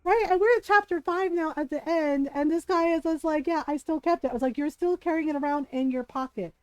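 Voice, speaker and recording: A woman with a high, bright-pitched voice chats through a game stream, animated and quick to laugh as she tells her stories. The sound is close and dry, with hardly any room around it. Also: dry recording, poor audio. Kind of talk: casual gameplay commentary and storytelling.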